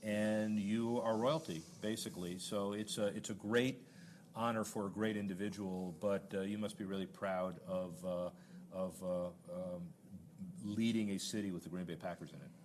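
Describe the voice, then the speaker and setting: A man who interviews people about sports business hosts a conversational interview, explaining his points at length and often restarting his sentences. His voice is on the low side and darkish, with fairly even intonation and a moderate pace, plus a little hiss or hum in the recording.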